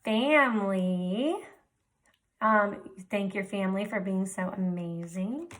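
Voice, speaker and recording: A woman's voice: mid-range voice, slow pace, fairly bright tone. A woman teacher giving a remote reading lesson to young children, patiently sounding out letters and praising her students.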